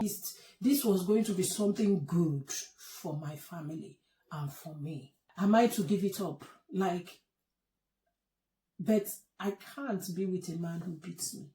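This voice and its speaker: A woman telling her own story of a past relationship, emotional and halting, often dropping to soft low tones. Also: a little hiss or hum. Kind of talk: personal storytelling. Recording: echoey room.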